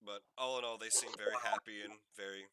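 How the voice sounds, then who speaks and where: A man's voice: on the low side, steady tone, fast talker, noisy background. A man running a tabletop game as game master, narrating loosely with many fillers. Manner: meandering, many "like" fillers, descriptive.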